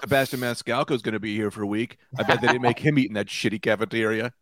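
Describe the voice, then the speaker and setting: A man's voice: fairly low pitch, rapid-fire, noisy background. A man riffing and telling jokey stories on a comedy podcast. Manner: animated, joking storyteller. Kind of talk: casual comedy podcast banter.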